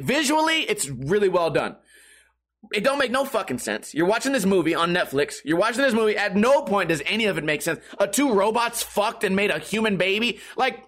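A man ranting casually to his viewers, swearing often and rambling with restarts. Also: high-pitched. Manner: profane, animated, rambling with restarts. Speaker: talker addressing viewers.

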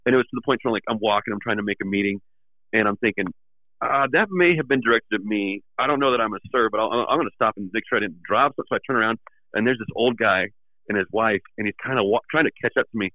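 A lowish-voiced man tells stories at a fast clip, jumping up into the voices of the people he quotes. His voice comes through thin and tinny, like a phone line. The sound is dry, with no room around it. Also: dry recording. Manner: animated storyteller, acting out quoted people. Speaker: magazine editor and podcast guest. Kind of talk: casual storytelling chat.

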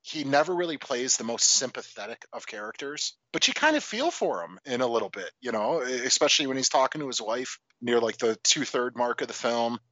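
A man's voice: mid-range voice, big pitch swings, brisk, hardly any pauses, bright, forceful tone, no echo, lo-fi sound. A man talking about a film in a casual chat, swearing freely and laughing often.

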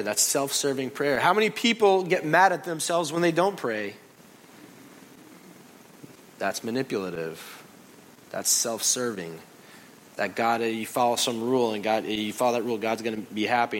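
A male pastor preaching a sermon in an animated way, acting out other people's voices and reactions. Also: fairly low pitch, slight background noise, low-quality recording.

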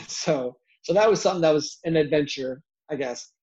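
A young man, a YouTuber, talking casually in an interview, quick and chatty with lots of filler words. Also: on the high side, darkish tone, husky. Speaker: YouTuber guest. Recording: dull lo-fi sound.

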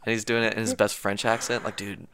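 A man co-hosting a podcast in casual chat, riffing jokes with a deadpan edge. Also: fairly low pitch, quick pace, a little hiss or hum. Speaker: podcast co-host.

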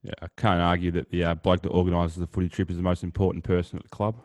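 A man co-hosting a casual podcast, speaking in relaxed, blokey banter. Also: sits low, rapid-fire, no room sound. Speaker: podcast co-host.

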